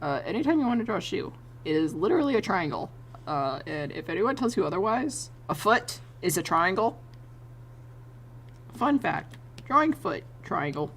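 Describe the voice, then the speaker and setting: A woman streamer chatting casually while she draws, excitable, laughing often and swearing freely. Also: lowish voice, moderate pace, a little hiss or hum. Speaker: streamer and artist.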